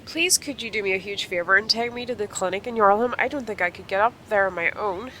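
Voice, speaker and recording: A woman voicing an injured young woman rider, reading game dialogue aloud in a lively, upbeat voice. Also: medium pitch, quick pace, a little hiss or hum, voice pushed up, lightly acted, rough recording. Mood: chatty.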